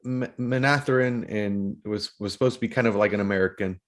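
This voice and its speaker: Lower-voiced man, emphatic podcast co-host. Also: fairly quick. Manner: emphatic, repeats phrases for effect. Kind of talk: casual book discussion.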